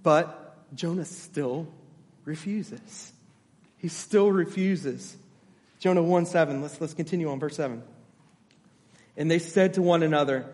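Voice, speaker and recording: A man's voice: fairly high pitch, unhurried, pauses often, in a large hall. A man pastor delivering a sermon, emphatic, repeating his key phrases and checking in with the congregation.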